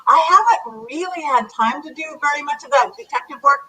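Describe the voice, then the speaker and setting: A woman being interviewed as a psychic medium, chatting in a lively, animated way over a video call. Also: sits high, fairly quick, poor audio. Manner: chatty, animated, acts out commands to spirits. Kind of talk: casual interview chat.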